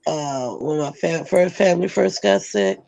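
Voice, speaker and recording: Hoarse, gravelly-voiced woman. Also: sits low, expressive, a little slow, dark tone, lo-fi sound. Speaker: guest on a live stream. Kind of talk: casual chat.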